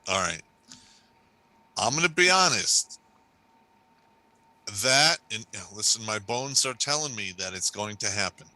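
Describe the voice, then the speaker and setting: A man with a very bright, tense voice gives blunt, emphatic opinions while co-hosting a casual livestream. He leans hard on his points, often opening with a firm "listen.". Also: lowish voice, animated, unhurried, pauses often, dry recording, poor audio. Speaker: livestream co-host. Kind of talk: casual chat.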